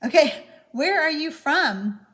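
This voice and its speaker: A woman's voice: sits high, lively intonation, slow, fairly bright tone. A woman hosting a live-streamed card-making class, chatting loosely with viewers and answering their comments, with frequent hesitations.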